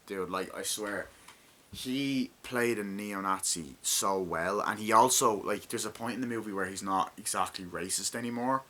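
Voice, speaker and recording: Young man, bright tense voice, swearing freely. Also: fairly low pitch, moderate pace, slight background noise. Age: 20s. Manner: profane, rambling, acts out lines from the film. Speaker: movie reviewer. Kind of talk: casual spoken film review.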